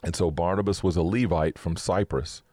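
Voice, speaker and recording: A man's voice: low voice, fairly even intonation, normal speed, darkish tone, no echo, studio quality. A man hosting a casual faith talk, upbeat and chatty, laughing often as he teaches. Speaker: podcast host.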